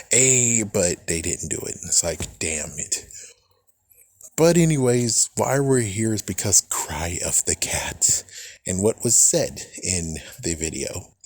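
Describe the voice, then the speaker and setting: A man's voice: fairly low pitch, no echo. Rambling young man ranting, dry sound. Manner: rambling, excitable, swears often, mocks imagined critics in quick put-on voices. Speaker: book fan vlogger. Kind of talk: casual rant.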